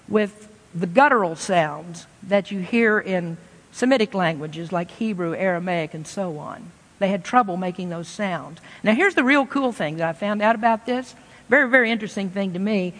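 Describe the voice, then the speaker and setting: A man's voice: high-pitched, a bit bright. A Kentucky-born man preaches, chatting with his congregation in a folksy, plain-spoken way. His voice rings out with a long reverb from a church hall. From Kentucky, USA. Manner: folksy, conversational preaching with homespun asides. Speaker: pastor. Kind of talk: sermon.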